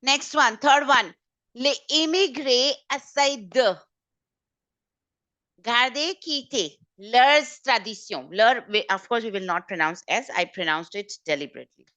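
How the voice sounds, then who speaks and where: A woman teaching French vocabulary in an online exam-prep class, brisk and corrective, often repeating key points. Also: fairly high pitch, animated, pushed and bright, dry recording. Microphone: video call.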